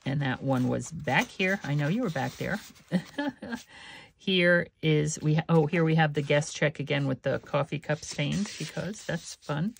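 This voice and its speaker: A woman hosting a crafting channel, chatting casually and meandering through a journal flip-through with soft laughs and many fillers. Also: sits low, unhurried, gravelly, husky.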